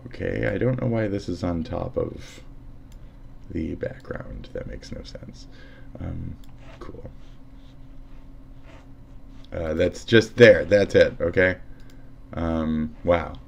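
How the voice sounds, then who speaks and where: Live streaming while he shows off editing software, a man speaks slowly in a low voice with vocal fry and frequent pauses. His chat is casual, profane and sarcastic, often fading into muttering, over a little hiss or hum.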